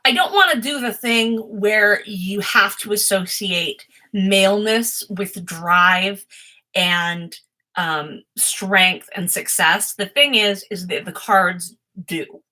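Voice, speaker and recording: A woman's voice: medium pitch, slow pace, sharp tone. A woman doing a casual, chatty tarot reading, rambling and easily distracted, often giggling.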